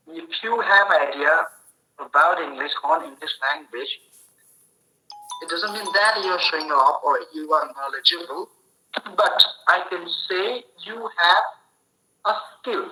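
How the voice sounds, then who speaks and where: Slow, bright-voiced man teaching English. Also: on the high side, rough recording. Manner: slow, deliberate explaining with repetitions and restarts. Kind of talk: spoken English lesson.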